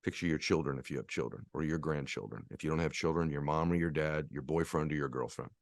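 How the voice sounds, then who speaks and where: A man giving a motivational speech, earnest and repetitive, asking rhetorical questions and leaning slowly on key phrases. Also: extremely low pitch, dry recording. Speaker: motivational speaker.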